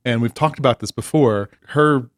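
Male podcast co-host, exasperated storyteller, profane, mid-pitched, dry studio sound. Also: moderate pace, dry recording. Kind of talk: casual chat.

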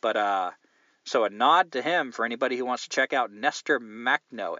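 A man's voice: mid-range voice, normal speed, bright, forceful tone, no room sound, dull audio. A man hosting a podcast, chatting candidly in a loose, rambling way and swearing now and then. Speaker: podcast host. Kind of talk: casual chat, reading listener mail.

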